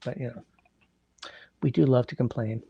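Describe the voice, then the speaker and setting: A man's voice: medium pitch, moderate pace, gravelly, slightly rough, dry recording, highs cut off. A man hosting a casual livestream from home, rambling, greeting viewers by name and humming while he scrolls, his sinuses congested. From Canada. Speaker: livestream host. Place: indoors at home.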